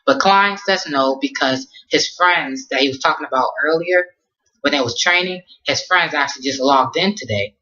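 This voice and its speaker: A man's voice: a little high, moderate pace, pushed and bright, lo-fi sound. A man casually recapping an anime episode in slangy talk, rambling with lots of ums and restarts. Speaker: anime reviewer.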